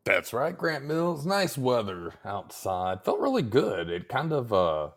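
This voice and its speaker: A man's voice: mid-range voice, very animated, unhurried. A man hosting a podcast in casual chat, slightly scratchy in the throat, rambling, swearing freely and poking fun at himself. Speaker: podcast host.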